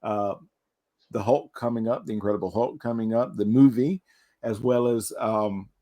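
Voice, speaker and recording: A man's voice: on the low side, fairly even intonation, normal speed, warm tone. A man co-hosting a podcast in casual chat, with a wry, self-deprecating humor. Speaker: podcast co-host.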